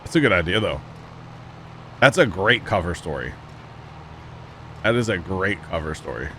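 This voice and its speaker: A man's voice: sits low, animated, normal speed, bright, forceful tone, a little hiss or hum. A man casually chatting with his viewers while playing a farming game, rambling and laughing at himself. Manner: rambling, talks to chat, chuckles at himself. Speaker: livestream gamer.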